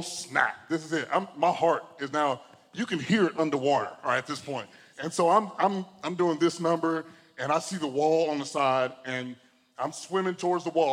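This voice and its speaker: Male pastor, high voice, animated storyteller, church hall with long reverb. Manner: animated storytelling, addresses the congregation directly. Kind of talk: sermon.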